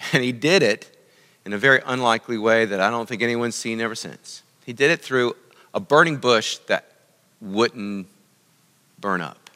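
Middle-aged guy preaching casually, telling stories, bright voice, long echo tail. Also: on the low side. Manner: conversational, with asides to listeners. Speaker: church speaker. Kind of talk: storytelling sermon.

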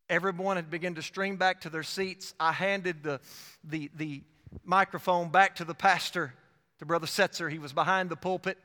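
A man with a bright, ringing, fairly high voice preaches an evangelistic sermon, surging loud and then dropping low as he retells his own story. His words carry a long reverb from the church sanctuary where he stands. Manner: dynamic preaching with sharp swings in loudness and frequent self-quotation.

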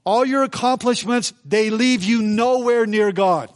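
A man playing a calm, firm male teacher who speaks plainly and matter-of-factly. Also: very high voice, a little slow.

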